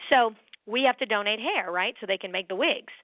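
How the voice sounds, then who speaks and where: Excited woman telling a story, phone-line tinny, pretty dry. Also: on the high side, fairly quick, dry recording. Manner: enthusiastic storyteller. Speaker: guest, nonprofit founder. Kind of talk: casual interview chat.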